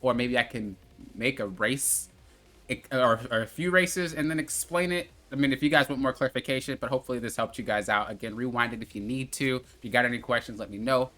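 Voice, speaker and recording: A young man narrates his own gameplay as a tutorial, coaching the viewer step by step and circling back to repeat himself. His voice is bright and forceful, with a middling pitch and an easy, chatty manner. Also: fairly quick. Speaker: gaming channel host.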